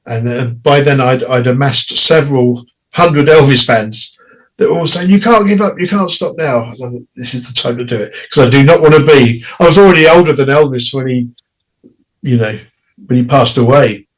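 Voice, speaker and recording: A middle-aged man spins a long anecdote for his interviewer. He talks in a loose, chatty flow, restarting phrases and dropping into quick quoted voices. His voice sits in a middle pitch for a man. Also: rough recording. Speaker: guest singer. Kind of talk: casual interview storytelling.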